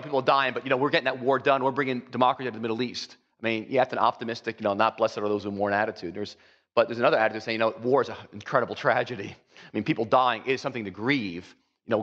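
A man's voice: on the low side, a bit bright. Male pastor giving an off-the-cuff sermon with acted-out asides; muffled recording in a reverberant hall. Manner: conversational, full of "you know" asides, acts out quoted voices. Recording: dull, echoey hall recording.

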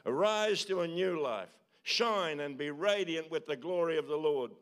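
A man, a pastor preaching a sermon in a church service, urging his listeners with repeated calls and quick tag questions. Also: a little high, expressive, fairly bright tone.

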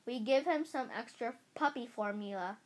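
A woman reading the lines of a kind veterinarian, with a gentle, reassuring way of talking. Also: a little high, moderate pace, close to an everyday voice.

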